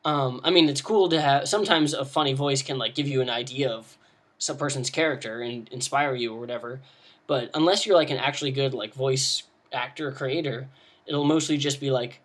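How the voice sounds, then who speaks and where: A man talks through tabletop game master advice in a casual video lesson. He rambles, restarts his sentences and leans on fillers, at a middling pitch. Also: moderate pace, a bit bright.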